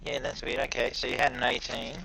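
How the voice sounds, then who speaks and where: A man running an online tabletop game as game master, talking haltingly with many fillers. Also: pushed and bright, a little hiss or hum, rough recording.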